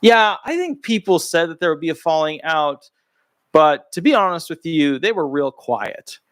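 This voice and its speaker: A man's voice: a little high, animated, normal speed, fairly bright tone, clear, resonant tone, no echo, clean studio sound. A middle-aged man, a disability attorney, giving chatty, opinionated commentary in a casual video. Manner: chatty and opinionated, talks to his dog mid-video.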